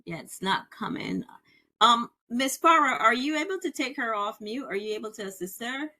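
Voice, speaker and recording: A woman's voice: fairly high pitch, animated, normal speed, pushed and bright. A woman chairing a community committee meeting over a video call, welcoming members by name in a friendly way. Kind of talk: online meeting roll call.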